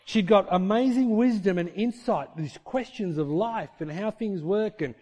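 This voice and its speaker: A man preaching a sermon in a conversational, animated style, full of rhetorical questions and shifts of pace. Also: sits high, normal speed. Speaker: pastor.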